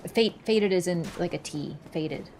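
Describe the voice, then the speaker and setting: A woman's voice: on the low side, unhurried, vocal fry, a little mellow, slight background noise. A woman who chats casually while playing a game on stream. She laughs often and answers her viewers as she goes. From Canada. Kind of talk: casual gaming livestream chat.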